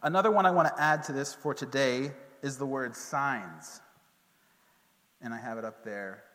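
A man giving a casual Bible lesson to a group, relaxed and joking, with many fillers and restarts. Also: mid-range voice, normal speed, long reverb tail. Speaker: teacher.

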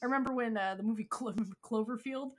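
A woman's voice: fairly high pitch, fairly quick. A woman co-hosting a podcast, telling chatty, self-deprecating stories in casual talk. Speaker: podcast co-host. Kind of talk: casual chat.

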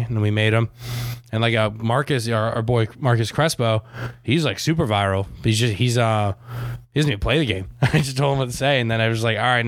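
A man's voice: mid-range voice, no room sound, clean studio sound. A man in casual podcast chat, rambling and laughing often, with frequent swearing. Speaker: comedian and video creator.

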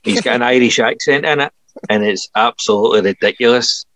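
A man's voice: medium pitch, fast, a bit bright, poor audio. A man co-hosting a podcast, casually reviewing films with frequent laughs. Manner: laughing, rambling film reviews. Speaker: podcast co-host. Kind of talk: casual chat.

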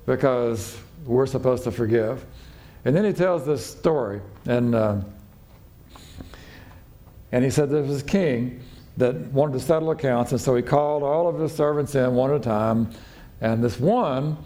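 A man preaching a sermon as pastor, telling a parable in a conversational way and acting out the lines of the people in it. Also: mellow. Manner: conversational storytelling, acting out quotes with raised pitch.

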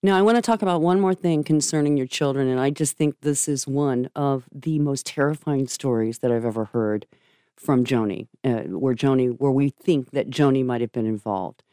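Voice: medium pitch, moderate pace, mellow, clean tone, no echo, studio quality. A podcast host interviewing a guest, reacting with effusive, heartfelt sympathy.

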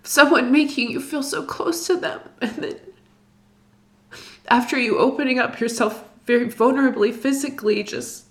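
A young woman telling an emotional personal story, halting and distressed, full of fillers and restarts. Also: high voice. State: distressed, near tears.

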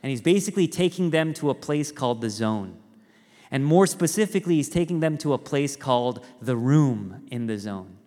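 A pastor giving a conversational sermon, telling stories with animated rises and quiet, earnest drops. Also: male voice, medium pitch, moderate pace. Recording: reverberant hall.

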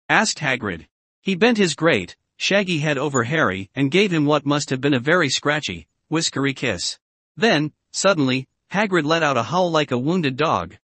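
A man reading a storybook aloud in a steady, expressive way, his voice sitting somewhat high for a man. The recording is dry and close, with no sense of a room. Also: normal speed, dry recording. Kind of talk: audiobook-style story reading.

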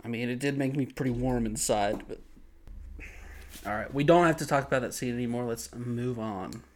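A man co-hosting a casual podcast at a middle pitch. He jokes through the recap, laughs easily and mocks himself. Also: moderate pace, darkish tone. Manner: jokey, laughs often, self-mocking. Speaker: podcast co-host.

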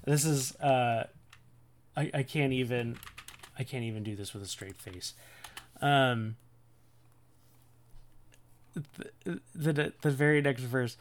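A man's voice: mid-range voice, takes it slowly, pauses often, a little hiss or hum. A man hosting a casual podcast, chatty and laughing, with many fillers and restarts. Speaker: podcast host. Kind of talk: casual podcast talk on scripture.

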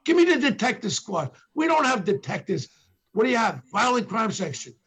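A husky, fairly bright, high male voice belongs to an older New York-accented ex-detective guesting on a podcast. He's very animated and brisk as he tells police stories, performing what people said with emphatic bursts.

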